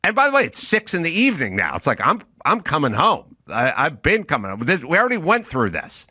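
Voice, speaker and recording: A man's voice: a little high, huge pitch swings, brisk, bright, forceful tone, breathy edge, no echo, studio quality. A middle-aged man co-hosting a podcast, telling stories in an emphatic, ranting way. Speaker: podcast co-host. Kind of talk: casual chat.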